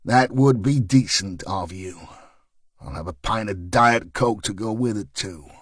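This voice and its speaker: A man's voice: lowish voice, measured pace, dry recording, studio quality, natural voice. A man voicing a blunt, sarcastic, injured male detective who asks curt questions.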